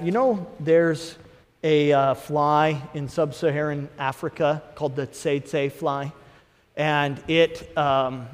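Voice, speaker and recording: High-voiced preacher in a reverberant hall. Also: male voice. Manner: preaching with rising emphatic bursts and acted inner voices. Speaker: pastor. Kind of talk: sermon.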